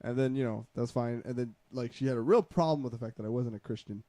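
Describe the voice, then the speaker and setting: A man's voice: medium pitch, fast talker, mellow, dry recording. A man in casual chat, rambling through a personal story with many restarts. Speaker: podcast co-host.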